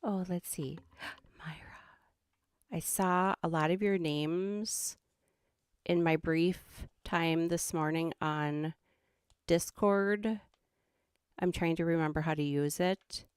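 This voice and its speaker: A woman's voice: fairly low pitch, fairly even intonation, slow, clean tone, no echo, clean studio sound. A middle-aged woman with a Minnesotan accent who hosts a livestream and chats casually in a rambling way, laughing often. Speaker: host.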